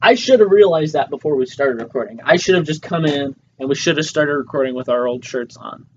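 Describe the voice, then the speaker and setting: Playful young man, lively voice. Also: fairly high pitch, brisk. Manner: joking, playful, teasing. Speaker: podcast co-host. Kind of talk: casual podcast chat. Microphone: handheld mic. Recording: dull lo-fi mic with faint noise.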